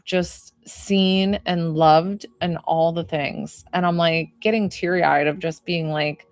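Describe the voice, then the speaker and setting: A woman's voice: lowish voice, steady tone, takes it slowly, no echo. A woman giving a spiritual medium reading in an effusive, emotional way with many fillers.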